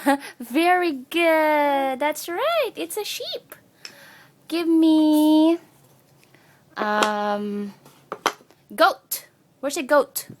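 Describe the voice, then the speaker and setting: A woman's voice: high-pitched, lively intonation, extremely slow, pauses often, a little hiss or hum. A mother talking to her toddler at home, sing-song and encouraging, praising each try.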